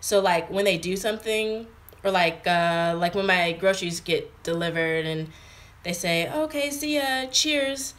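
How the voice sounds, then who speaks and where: A woman's voice: on the low side, steady tone, measured pace, a bit bright. A young American woman in her twenties chatting casually on a livestream from her home, reading and answering viewer comments with lots of fillers. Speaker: vlogger. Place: her home in England, indoors.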